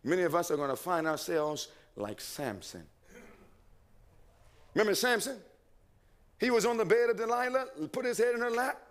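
A man's voice: high-pitched, moderate pace, pauses often. A man preaching a sermon, asking the congregation questions, answering them himself and reading quotations aloud.

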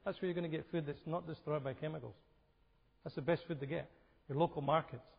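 A man's voice: on the high side, fairly even intonation, quick pace, vocal fry. A man giving a health seminar talk in a church, conversational and asking his audience questions. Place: church hall. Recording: lo-fi recording with hall reverb.

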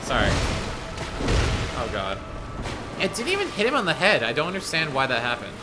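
A young man chatting to his viewers and reacting loudly while he streams a game, with frequent panicky outbursts. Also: medium pitch, wildly swooping pitch, moderate pace, over loud music. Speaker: gaming streamer. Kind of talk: live gameplay commentary. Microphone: desk microphone.

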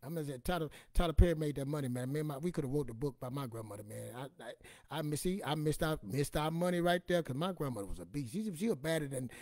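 Animated man telling stories. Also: fairly high pitch, fast, dry recording, studio quality. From Louisiana, US. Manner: animated, colloquial, swears casually. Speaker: motivational speaker. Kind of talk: motivational storytelling talk.

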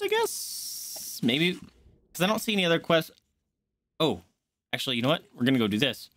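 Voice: mid-range voice, big pitch swings, normal speed, a bit bright, no room sound. A game streamer chatting casually on a live stream, often cooing baby talk at a pet dog between gameplay remarks.

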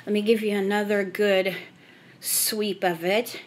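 A woman's voice: medium pitch, flat delivery, measured pace. A middle-aged woman giving a casual tour of her family room, chatty and rambling, recorded on a handheld camera she carries around. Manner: chatty, rambling, frequent "so anyhow". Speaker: home decor vlogger.

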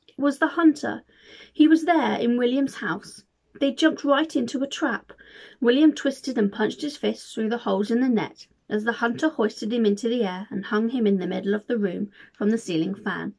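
A woman reading a children's storybook aloud with expressive, dramatic storytelling. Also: on the high side, moderate pace, creaky. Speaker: volunteer reader.

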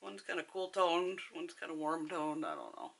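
A woman's voice: sits low, huge pitch swings, normal speed, creaky, noisy background. A woman beauty vlogger telling a blunt, profane story with frequent laughter while doing her makeup.

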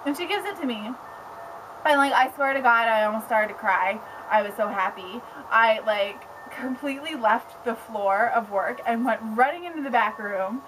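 A young woman book blogger chatting casually on camera at home, excitable and rambling, with lots of "like". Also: fairly high pitch, moderate pace, slight background noise, poor audio. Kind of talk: casual vlog chat. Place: home with pets around.

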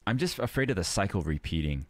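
A man's voice: deep voice, quick pace, no echo. A tired man streaming a game, chatting casually and playfully with his viewers. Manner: rambling, playful, easily excited. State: tired, sleepy.

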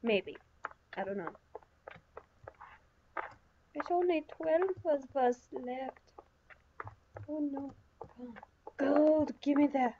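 High-voiced woman rambling through gameplay. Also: drawn-out words, pauses often, dull audio, noisy background. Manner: rambling, chatty self-talk with many fillers. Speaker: gaming channel host. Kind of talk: let's-play commentary.

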